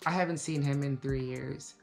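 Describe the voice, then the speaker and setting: A woman in her thirties giving a casual, reflective life update to camera, talking slowly with many fillers. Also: very deep voice, creaky, soft background music. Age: 30s. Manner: relaxed, reflective, with frequent fillers. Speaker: vlogger.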